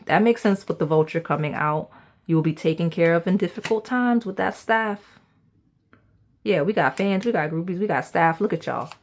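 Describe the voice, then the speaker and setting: A woman's voice: fairly low pitch, moderate pace. A woman reading tarot cards in a chatty, playful way, talking straight to her viewers. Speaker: tarot reader. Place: indoors at a table.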